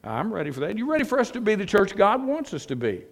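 A man's voice: high-pitched, wildly swooping pitch, fast talker, creaky. A male pastor preaching a sermon in a conversational way, often asking the congregation rhetorical questions.

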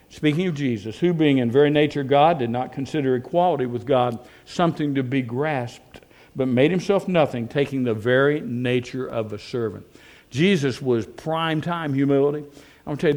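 A man preaching a sermon in a folksy, animated way, with rhetorical questions and frequent restarts. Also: mid-range voice. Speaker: pastor.

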